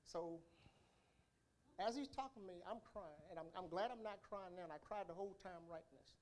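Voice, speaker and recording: A man with a Southern US accent, an elder preaching a sermon, telling a personal story in a conversational way that builds to loud preaching. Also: high-pitched, brisk. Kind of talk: sermon testimony.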